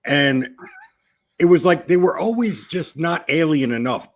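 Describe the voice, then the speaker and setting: A man chatting on a livestream panel, keeping a deadpan face as he trolls the others before laughing. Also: on the high side, unhurried. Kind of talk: casual livestream panel chat.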